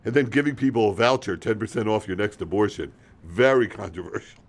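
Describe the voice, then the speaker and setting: A man hosting a comedy radio show, trading dry, deadpan jokes with his co-host at a studio microphone. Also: fairly low pitch, a little fast. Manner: dry sarcastic deadpan joking.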